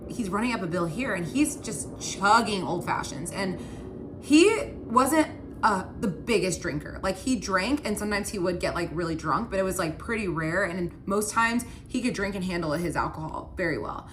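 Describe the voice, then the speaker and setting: A woman's voice: mid-range voice, expressive, moderate pace, slight background noise. A young woman telling a personal story in a casual storytime vlog, chatty, with many fillers of "like", acting out quoted lines. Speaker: storytime vlogger.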